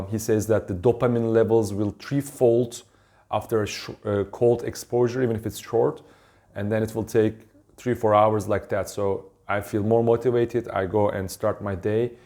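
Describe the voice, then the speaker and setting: Man, wellness teacher, calm and unhurried, frequent ums and self-corrections. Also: lowish voice. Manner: calm, halting, with many ums and restarts. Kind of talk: casual instructional talk.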